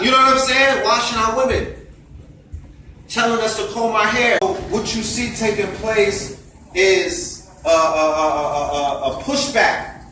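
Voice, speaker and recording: Fiery preachy man, high bright voice. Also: slight background noise. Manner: fiery, preachy, piles up rhetorical questions. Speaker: speaker addressing a gathering. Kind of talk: impassioned lecture. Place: indoor event space. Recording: echoey room, voice far from mic.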